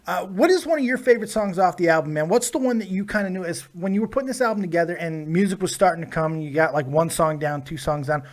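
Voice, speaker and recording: A man hosting a casual live call-in show, excitable and often slipping into a sung, joking delivery. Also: high-pitched, fast, hardly any pauses. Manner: excitable, sings and laughs between words. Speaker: host. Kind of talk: casual live-stream chat. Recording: music playing in the background.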